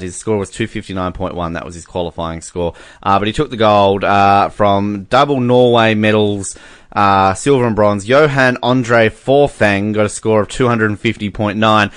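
A man's voice: fairly low pitch, steady tone, normal speed, a bit bright, clear, resonant tone, no room sound, clean studio sound. A man from Australia casually reading sports results on a podcast. He jokes, laughs often and stumbles over foreign names. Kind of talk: casual chat.

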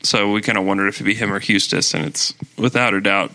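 A man's voice: fairly low pitch, flat delivery, quick pace, sharp tone. A man in his thirties co-hosting a casual sports podcast, talking at length and laughing easily. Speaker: podcast co-host.

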